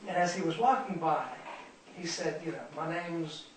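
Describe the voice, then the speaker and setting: High-voiced preacher man in an echoey room. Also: moderate pace. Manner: earnest, preacherly, repeats words for emphasis. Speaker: Bible study teacher. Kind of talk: sermon. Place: room used for a Bible study. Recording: echoey room from far off, faint noise.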